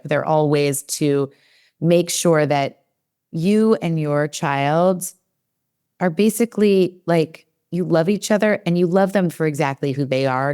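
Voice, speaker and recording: Low-voiced woman explaining parenting. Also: darkish tone, clear, resonant tone. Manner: chatty, many fillers and quoted asides. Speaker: guest, developmental psychologist. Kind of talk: conversational podcast interview.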